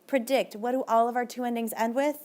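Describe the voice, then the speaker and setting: A woman's voice: a little high, steady tone, a little mellow. Peppy woman teacher recording a video lesson, hypes her students up, drags out the spanish examples. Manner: upbeat and encouraging, drawn-out Spanish examples.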